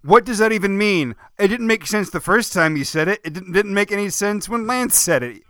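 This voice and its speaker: A man's voice: sits high, lively intonation, brisk, a bit bright, dry recording, clean studio sound. A man co-hosting a casual movie-review chat, sarcastic, swearing freely and laughing often. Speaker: podcast co-host.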